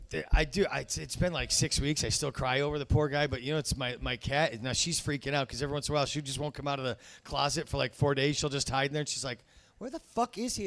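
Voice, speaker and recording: A man's voice: fairly high pitch, fairly bright tone. Rambling wisecracking male stand-up host. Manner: rambling, self-interrupting wisecracks. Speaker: comedy show host. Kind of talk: stand-up comedy. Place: comedy club stage.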